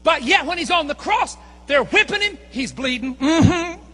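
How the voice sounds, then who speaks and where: A man preaching a sermon, telling a story in an animated, emphatic way that builds to shouts. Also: very high-pitched, normal speed. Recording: echoey hall with long reverb, mains hum.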